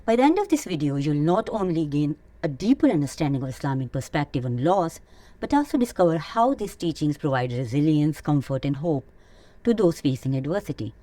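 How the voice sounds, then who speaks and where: A woman hosting an Islamic teaching channel, reading a scripted lesson in an earnest, measured way. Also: sits low, sing-song, warm tone, dry recording. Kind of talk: scripted religious teaching narration.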